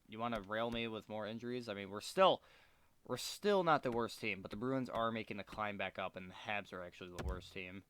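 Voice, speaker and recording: A man with a somewhat low voice and a bright, forward tone talks through a hockey management game in casual commentary. He grumbles and swears to himself about his team's bad luck. Faint keyboard clicks and typing sit behind him. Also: a little hiss or hum. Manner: frustrated, swearing, muttering to himself. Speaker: gaming video creator.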